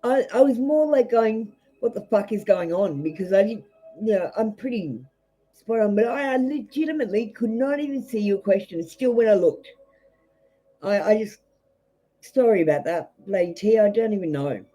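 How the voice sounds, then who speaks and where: An Australian woman talks straight to her viewers as a tarot reader on a live stream. She is blunt and rambling, full of fillers and self-restarts. Her voice is mellow and relaxed, at an ordinary middle pitch. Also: normal speed, rough recording.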